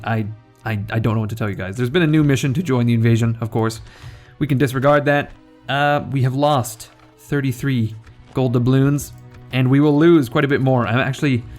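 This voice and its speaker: A young man giving casual, rambling game commentary, joking and self-deprecating as the host. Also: medium pitch. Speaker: gaming video host.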